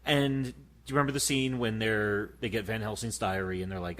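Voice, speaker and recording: A man in his thirties co-hosting a casual podcast, swearing freely and telling animated stories. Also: lowish voice, a little fast. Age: 30s. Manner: profane, animated storytelling. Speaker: podcast co-host. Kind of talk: casual chat.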